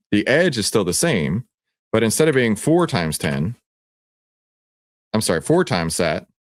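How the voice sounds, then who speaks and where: A man with a Texan accent hosting a livestream, playful and teasing, often jumping to excited shouts. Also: deep voice, no room sound. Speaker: livestream host. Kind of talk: animated livestream presentation.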